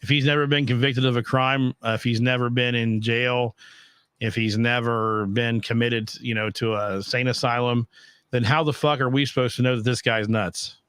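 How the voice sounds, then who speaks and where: A man's voice: medium pitch, steady tone, moderate pace, a bit bright, clean tone, no echo, studio quality. A middle-aged man hosting a casual home podcast, talking bluntly with a lot of profanity and rambling asides. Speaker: podcast host. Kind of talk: casual chat.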